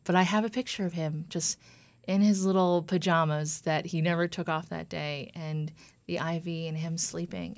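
A woman's voice: lowish voice, steady tone, normal speed, no echo. A woman in her thirties, a podcast guest telling a personal story in earnest, quoting what people said. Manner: earnest, retelling with quoted dialogue.

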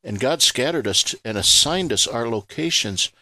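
Man, radio guest, preacherly and emphatic, bright forceful tone, dry studio sound. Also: mid-range voice, animated, moderate pace, no echo. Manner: expansive, preacherly, builds to emphatic rhetorical questions. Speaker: ministry leader guest. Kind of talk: radio talk show guest, preaching explanation.

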